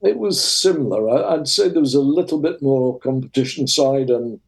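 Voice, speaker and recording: A man's voice: medium pitch, moderate pace, gravelly, poor audio. An older man with a Lancashire English accent, a retired racing driver telling vivid anecdotes as an interview guest. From Lancashire, England. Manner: lively, vivid storyteller.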